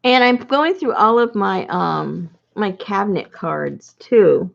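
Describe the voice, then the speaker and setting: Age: adult. Sex: woman. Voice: gravelly, chatty. Style: casual live chat with viewers. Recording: dull lo-fi. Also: mid-range voice, lively intonation, slow pace. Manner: rambling and chatty, with frequent laughs and fillers. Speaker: vlogger hosting a live chat.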